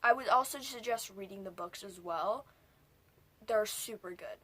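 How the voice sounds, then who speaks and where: A woman's voice: mid-range voice, moderate pace, a bit bright, breathy edge. A young woman casually recapping a movie for her vlog, rambling and jumping between points with whispered asides. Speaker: movie reviewer.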